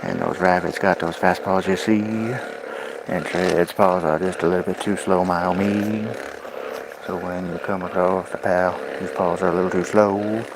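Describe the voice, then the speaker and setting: A man's voice: sits low, little pitch movement, normal speed. A man livestreaming at home, massaging his dogs and talking to them in playful rhyming singsong, with coaxing commands to the pets. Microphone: phone microphone on a stream. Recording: clear background noise.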